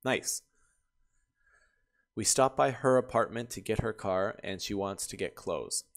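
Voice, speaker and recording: A man reading stories aloud and breaking off to react with loud, laughing, animated commentary. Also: on the low side, a little slow, creaky. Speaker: YouTuber reading Reddit stories.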